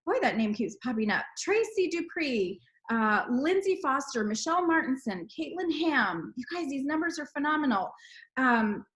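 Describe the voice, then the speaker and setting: A woman hosting a team call, reading out names with bubbly excitement and frequent exclamations. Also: high-pitched, moderate pace, poor audio. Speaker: host of a team sales call. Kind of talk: upbeat recognition call.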